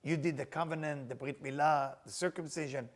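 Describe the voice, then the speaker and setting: A man's voice: a little high, steady tone, fairly quick, lightly acted. God, stern and reasoning, as a man speaks him. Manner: firm, explaining, questioning.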